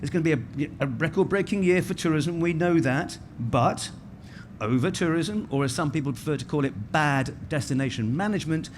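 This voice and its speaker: A man's voice: a little high, lively intonation, normal speed, a little hiss or hum. A middle-aged man hosting a conference as master of ceremonies, chatty and self-mocking, speaking into a stage microphone in a large hall. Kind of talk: conference welcome speech.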